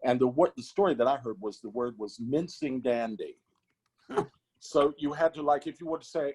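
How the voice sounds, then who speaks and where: A man appearing as a guest on an online chat over a video call, telling a funny story in a brisk, amused way. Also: medium pitch, darkish tone, slightly rough, poor audio.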